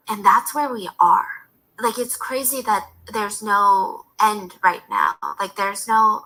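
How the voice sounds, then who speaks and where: A woman's voice: medium pitch, animated, slow pace, bright, forceful tone, poor audio. A woman hosting a news podcast, speaking earnestly with frequent filler words, heard as a clip played through a stream. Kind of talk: scripted news commentary.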